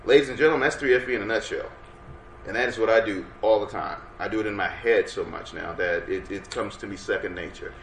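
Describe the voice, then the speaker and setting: A man with a lowish voice and quick pace presents an interactive workshop lecture energetically, coaxing the audience to answer. The workshop room sounds roomy, with faint background noise.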